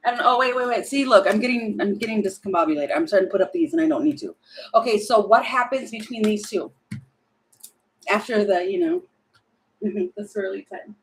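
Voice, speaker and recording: A woman's voice: fairly high pitch, low-quality recording. A woman doing a casual tarot reading, chatty and thinking aloud, often laughing and breaking off. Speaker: tarot reader.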